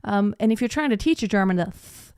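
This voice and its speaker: Woman, singing teacher, rambling casual chat, mid-pitched voice, dry close sound. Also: lively intonation, fairly quick, darkish tone, clean tone, no room sound. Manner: chatty, rambling, many "like" and "you know" fillers; demonstrates sounds with her own voice. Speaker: vocal coach. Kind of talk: live online singing lesson.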